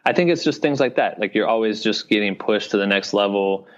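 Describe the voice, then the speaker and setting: A man's voice: on the low side, a little fast. A man from Iowa, a guest in a casual podcast interview, talking in loose rambling runs full of fillers. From Iowa, US Midwest. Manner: loose rambling talk full of fillers, "you know what I mean". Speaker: guest, video director and creator. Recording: dull lo-fi podcast audio.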